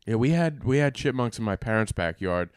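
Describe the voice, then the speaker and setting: A man's voice: mid-range voice, expressive, a little fast, clean tone, dry recording, clean studio sound. A man chatting offhand and joking as a podcast co-host. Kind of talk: casual chat.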